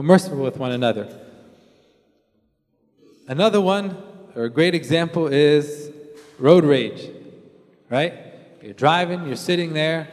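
A man preaching in a relaxed, conversational way, slipping into little quoted voices to act out everyday scenes. His voice sits a touch high for a man. It rings out with a long reverb, as if in a large hall. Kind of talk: sermon.

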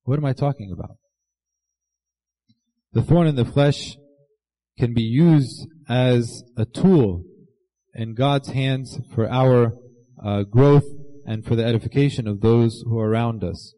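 A man preaching a sermon to his congregation, earnest, slowing down to quote scripture and the saints. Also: medium pitch, warm tone, low-quality recording.

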